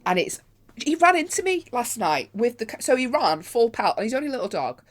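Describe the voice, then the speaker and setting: A woman's voice: on the high side, brisk. A woman co-hosting a chat podcast, telling stories with lots of giggling. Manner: animated, giggly storyteller. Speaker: podcast co-host. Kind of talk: casual chat.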